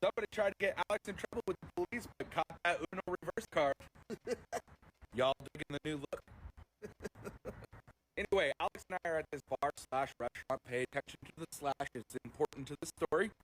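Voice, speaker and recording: A middle-aged man casually telling a fast, profane story on a livestream, acting out the people in it. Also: on the high side, fairly bright tone, a little hiss or hum, low-quality recording. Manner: fast, profane, acts out quoted voices.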